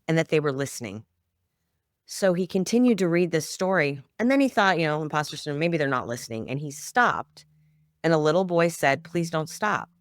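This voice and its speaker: A woman's voice: low-pitched, a bit bright, no room sound. A middle-aged woman telling a personal family story as a podcast guest, heartfelt and close to tears at times. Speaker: podcast guest, children's media founder. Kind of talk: interview storytelling.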